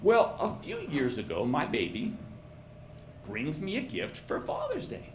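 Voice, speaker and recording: A middle-aged man spins a folksy tale on a pub stage, his voice swooping high and low as he repeats words for effect. He sits a little high for a man. The room is roomy with a faint crowd murmur. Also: wildly swooping pitch, a little slow, a little hiss or hum. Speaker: storyteller. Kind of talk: live personal storytelling. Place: pub stage before an audience.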